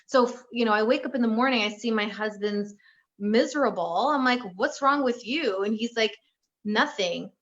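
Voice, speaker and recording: A woman with a fairly high voice talks through a conversational interview as a relationship coach. She is animated and slips into playful voices when she quotes people. The sound is a little dull and lo-fi. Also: normal speed.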